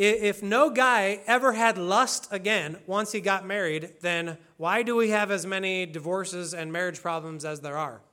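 A man with a high, bright voice preaches an expository sermon. He works through the text earnestly, breaking into casual, conversational asides as he explains it. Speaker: pastor.

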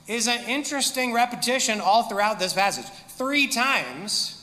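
A male pastor delivers a sermon in a bright, fairly high voice, explaining patiently and slipping in dry jokes. His words carry a long reverb through a large church hall. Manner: explanatory, with dry humorous asides.

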